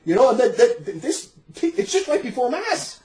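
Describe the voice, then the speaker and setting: Animated high-voiced man telling a story. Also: normal speed, poor audio. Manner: animated, laughing, acts out quoted voices. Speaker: storyteller in a religious talk recording. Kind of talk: casual storytelling chat.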